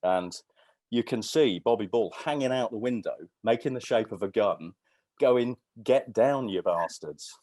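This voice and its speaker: A man's voice: mid-range voice, moderate pace, dark tone, dry recording. A man in his fifties, a podcast guest, telling anecdotes in a rambling, casual way with lots of restarts. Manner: rambling, with many restarts and fillers. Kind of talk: casual storytelling chat.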